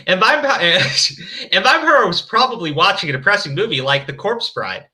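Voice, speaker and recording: A man's voice: high voice, sing-song, moderate pace, pushed and bright. A man hosting a stream, reading fan fiction aloud with mocking, profane commentary. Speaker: stream host.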